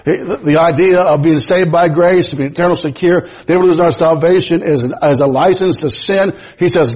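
A man's voice: a little high, a little fast, few pauses, a little mellow, husky, poor audio. A man preaching a sermon in a folksy, emphatic way, mixing scripture with personal stories. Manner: folksy, storytelling, emphatic rises.

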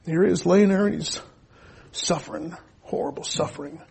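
A middle-aged man preaching a sermon, telling a personal story with deep emotion, swinging between loud and hushed. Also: normal speed, vocal fry, husky.

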